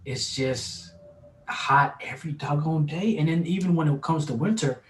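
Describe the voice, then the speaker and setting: A man tells stories in slangy, animated casual talk. His voice sounds roomy and set back from the mic. Faint background noise runs beneath it. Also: a little high, normal speed, far from the mic. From New York. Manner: animated, slangy storytelling with laughs. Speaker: podcast co-host. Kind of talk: casual chat.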